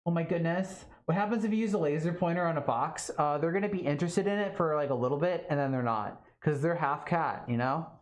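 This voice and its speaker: A woman's voice: deep voice, fast, hardly any pauses. A young woman streaming live, chatting casually with her viewers and reading their comments, full of "like" and "um" fillers.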